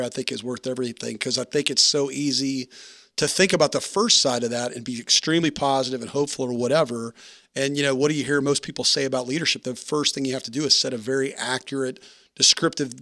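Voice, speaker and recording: A man's voice: mid-range voice, steady tone, quick pace, bright, forceful tone, no room sound. 40-something guy hosting a podcast, chatty and curious, dry close sound. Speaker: podcast host. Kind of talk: casual interview talk.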